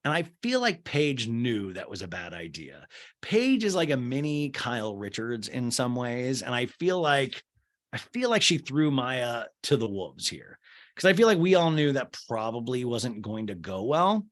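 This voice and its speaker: A man talks casually through a solo recap podcast. His pitch swoops around in a lively, animated way, though it sits in a middle register. He rambles with plenty of fillers and slips into exaggerated voices for quotes. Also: measured pace. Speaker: podcast host.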